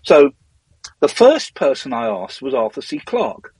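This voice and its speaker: A middle-aged man telling stories in a casual, rambling way, drifting off on tangents and filling pauses with ums and restarts. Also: mid-range voice, big pitch swings, a little mellow, husky, dry recording, rough recording. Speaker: interview guest, former magazine editor. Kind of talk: casual anecdotal storytelling.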